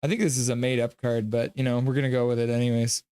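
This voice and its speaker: Young male stream host, mid-pitched voice, loose play-by-play with jokes and comment reading. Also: level tone, fast, dark tone, smooth, no echo, studio quality. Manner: jokey, chatty, reads viewer comments aloud. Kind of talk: live play-by-play and chat reaction.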